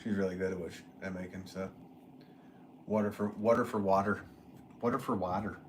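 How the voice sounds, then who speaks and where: A middle-aged man with a low voice is talking loosely to viewers on his live stream, drifting from one thought to the next as he reads out comments. The background noise in his studio is clearly audible. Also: a little fast. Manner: relaxed, rambling, chatty. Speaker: potter hosting a livestream. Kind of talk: casual live-stream chat reading comments. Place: pottery studio. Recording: noisy background.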